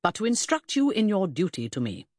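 A woman voicing a haughty, sharp-tongued Victorian male detective in an audiobook, speaking in a precise and imperious way. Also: mid-range voice, very animated, brisk, no echo, studio quality, pitched above the performer's own voice. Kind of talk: audiobook character voice.

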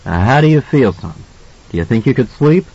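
A man voicing a grim, blunt father who speaks in a husky, matter-of-fact way. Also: mid-range voice, lively intonation, fairly quick, a little mellow, lo-fi sound.

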